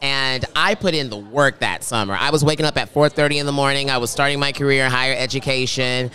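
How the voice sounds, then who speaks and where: A man's voice: medium pitch, steady tone, quick pace, pushed and bright, clear, resonant tone. A man in his thirties chatting as a marathon runner guest in a casual interview, playful and chatty. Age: 30s.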